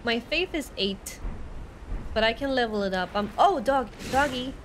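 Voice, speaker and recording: A young Swedish woman, whose English is a second language and carries a Swedish accent, does live commentary while streaming a game. Her voice is a little high and animated, at a moderate pace, and her chatter is playful and sarcastic over a noisy background.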